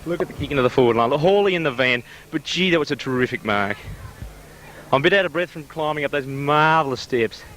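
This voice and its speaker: A man's voice: on the high side, lively intonation, fast, fairly bright tone, a little hiss or hum, rough recording. A man doing an impression of a gushing, famous TV football commentator, a bit out of breath. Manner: gushing, effusive praise. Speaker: guest commentator. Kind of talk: comic sports commentary.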